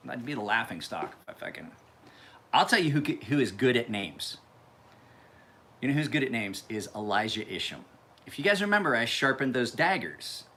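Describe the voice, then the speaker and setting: Profane man rambling on a live feed, laughs a lot, bright tone. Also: mid-range voice. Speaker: knife sharpener hosting a live stream. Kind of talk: casual live stream chat.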